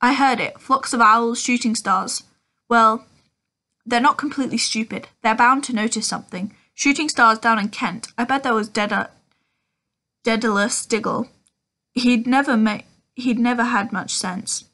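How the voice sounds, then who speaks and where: A woman's voice: fairly high pitch, normal speed. A woman reading the part of a strict, impatient older witch professor in a storybook. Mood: irritable. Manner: sharp, irritable, clipped.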